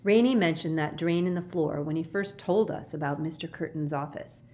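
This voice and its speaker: A bold, tough young girl in a storybook, telling her tale in a brisk, matter-of-fact way, lower in pitch. A woman voices her while narrating. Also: warm tone, lightly acted. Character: tough bold girl, Kate, cold and soaked.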